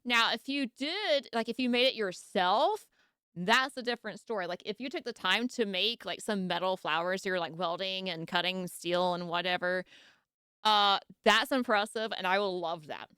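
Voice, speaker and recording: A woman's voice: medium pitch, normal speed, bright, forceful tone, clean tone, dry recording, studio quality. A woman streaming a casual reaction, chatty and rambling, with frequent giggles and restarts.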